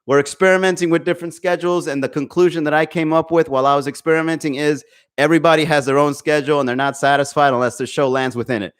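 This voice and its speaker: Guy doing a live comedy podcast from home, kinda high voice, cusses a lot, shouting out people in chat. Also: quick pace, clear, resonant tone. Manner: profane, animated, talks to chat viewers. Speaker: podcast host. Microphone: desk microphone.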